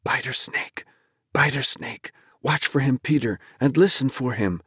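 A man's voice: unhurried, breathy edge, dry recording, studio quality. A man reading an audiobook voices a frightened old male servant who whispers an urgent warning. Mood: fearful. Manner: hushed, urgent, higher-pitched whisper. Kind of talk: audiobook character voice.

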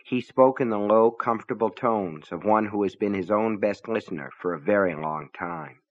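A man reading a novel aloud as narrator, in measured storytelling. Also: lowish voice, lo-fi sound. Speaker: audiobook narrator. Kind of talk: scripted narration.

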